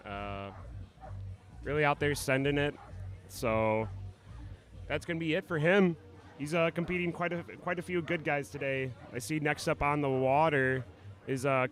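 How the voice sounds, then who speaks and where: A man's voice: mid-range voice, fairly bright tone. A man calling a lakeside water-ski show, in easygoing, joking play-by-play banter. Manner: laid-back, joking banter with fillers. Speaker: event commentator. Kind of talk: live play-by-play commentary. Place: outdoor lakeside event.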